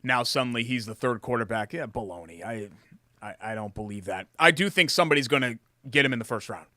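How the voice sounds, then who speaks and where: A man's voice: mid-range voice, animated, quick pace, bright, forceful tone, no room sound, clean studio sound. A man co-hosting a casual sports talk show, joking with his co-host and doing sponsor reads. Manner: chatty, jokey, reads sponsor plugs. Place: studio.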